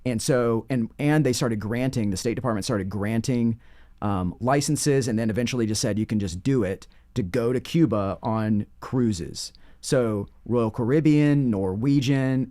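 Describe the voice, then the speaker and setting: A man's voice: mid-range voice, dark tone, no echo. Man talking through a legal case, rambling. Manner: rambling, frequent restarts and self-corrections. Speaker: podcast co-host discussing court cases. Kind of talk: casual legal discussion.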